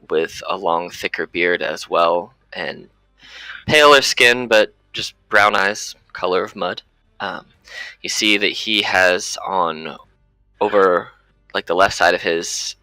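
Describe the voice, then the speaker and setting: Gravel-voiced male player, deep and dry, halting descriptive talk. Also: pushed and bright, dry recording, poor audio. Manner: hesitant, filler-heavy, detailed describing. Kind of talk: tabletop role-play description.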